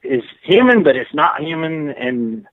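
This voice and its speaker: A man's voice: a little high, very animated, a little slow. A man from Texas, telling his story as an interview guest in a frank, rambling way, full of "you know". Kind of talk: casual storytelling. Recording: tinny phone line.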